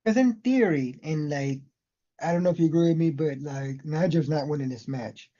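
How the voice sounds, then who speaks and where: A podcast co-host chiming in on a wrestling review in a relaxed, joking way. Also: mid-range voice, normal speed, lo-fi sound. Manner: laid-back, laughs along, chimes in. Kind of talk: casual wrestling review chat.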